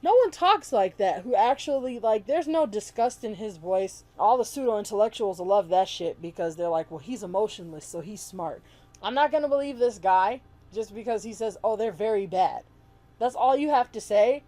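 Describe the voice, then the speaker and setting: A woman's voice: a little high, lively intonation, moderate pace, hardly any pauses, warm tone. Blunt, heated woman ranting on camera. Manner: blunt, heated and profane, with sarcastic mimicking of others. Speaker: vlogger. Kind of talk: opinionated commentary vlog.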